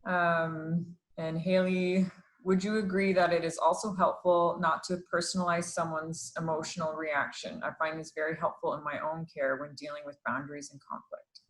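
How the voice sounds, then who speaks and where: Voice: medium pitch, little pitch movement, normal speed, fairly bright tone, rough recording. A host wrapping up a live online talk over a video call, upbeat and relaying questions from the chat. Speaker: webinar host.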